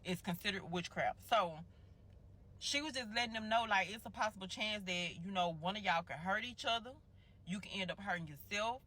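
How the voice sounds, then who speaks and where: A woman's voice: mid-range voice, brisk, bright, forceful tone. A woman telling a rambling, profane story in a casual way, often correcting herself.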